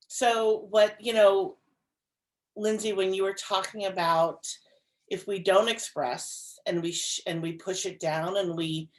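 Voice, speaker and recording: A woman co-hosting a podcast in casual conversation, talking earnestly and repeating phrases for emphasis. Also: mid-range voice. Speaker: podcast co-host.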